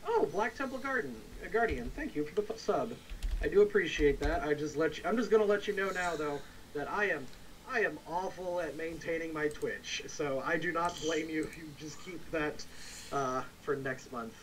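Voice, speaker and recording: Guy game master on a chill stream, kinda high voice, chatty, thinks out loud, faint hiss. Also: animated, moderate pace, rough recording. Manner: chatty, thinks aloud, reads chat messages. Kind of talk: casual livestream chat.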